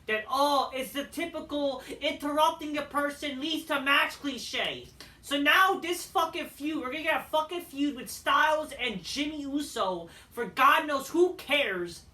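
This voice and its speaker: Her voice fairly high, bright, and pushy, a woman rants through a casual wrestling show review, swearing freely and dismissing things as she rambles. She sits well back from the mic in an echoey room.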